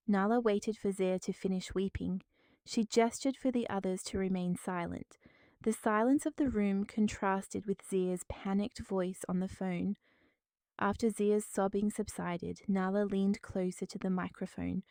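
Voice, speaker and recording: A woman narrating a family drama in a steady, dramatic storytelling style. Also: medium pitch, unhurried, clean tone, no echo, studio quality.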